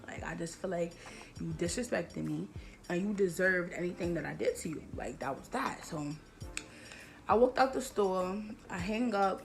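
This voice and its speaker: A woman's voice: on the low side, normal speed, vocal fry, fairly bright tone, soft background music. A young woman vlogger telling a personal storytime in emphatic slang, repeating her points for effect. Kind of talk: storytime vlog.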